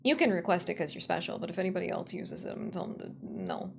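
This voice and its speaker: A woman streamer in casual livestream chat, excitable, swearing freely and swinging between squeals and grumbles. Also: fairly low pitch, quick pace, creaky, a little hiss or hum.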